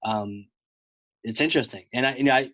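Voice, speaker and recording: A man hosting a podcast, chatting casually and telling lively stories with plenty of fillers. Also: medium pitch, fairly quick, no room sound. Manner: animated storyteller, lots of fillers. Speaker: podcast host. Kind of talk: casual conversation.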